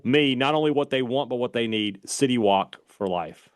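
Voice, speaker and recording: A man with a Southern US accent co-hosting a casual sports chat podcast, laid-back, agreeable and quick to laugh. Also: mid-range voice, no echo, clean studio sound. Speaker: podcast co-host. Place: radio studio.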